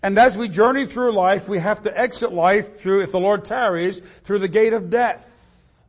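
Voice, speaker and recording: An older man preaching from the pulpit in a notably high voice. He quotes scripture in old-fashioned wording and swings between forceful emphasis and quiet, low asides. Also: fairly quick. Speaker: pastor. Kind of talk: sermon.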